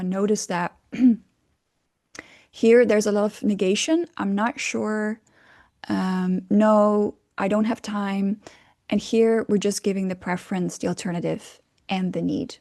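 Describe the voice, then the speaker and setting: A woman's voice: mid-range voice, dark tone. A woman coaching on communication, explaining casually with fillers, hesitations and frequent little laughs.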